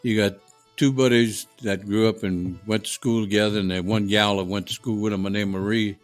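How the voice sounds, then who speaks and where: A man's voice: lowish voice, steady tone, a little fast, soft background music. A man with a New Orleans accent, a guest telling folksy, rambling stories at home. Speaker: guest, HVAC contractor. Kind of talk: casual storytelling. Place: home dining room.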